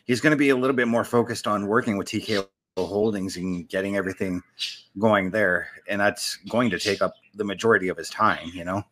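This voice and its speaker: A man's voice: fairly low pitch, fairly even intonation, brisk, a bit bright. A man co-hosting a casual podcast, talking loosely with fillers and "you know". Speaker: podcast co-host. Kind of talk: casual chat.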